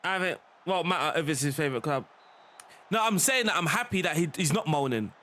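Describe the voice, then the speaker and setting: A man streaming a football management game, talking casually and getting excited, at times shouting at the plays. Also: fairly high pitch, fairly quick. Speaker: gaming streamer. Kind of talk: live game commentary.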